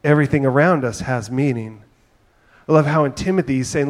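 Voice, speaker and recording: A man's voice: on the high side, brisk, darkish tone. A middle-aged man preaching a sermon as pastor, talking in a conversational, storytelling way with asides and frequent "right?".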